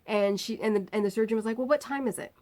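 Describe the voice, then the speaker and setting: A woman vlogger telling a personal story, acting out the people in it with lively, rising outbursts. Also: on the high side, fast. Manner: animated retelling, acting out quoted lines.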